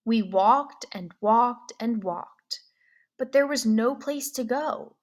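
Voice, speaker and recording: A woman reading a novel aloud in the first person, pausing to ask comprehension questions, slow and clear. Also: fairly high pitch. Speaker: reader.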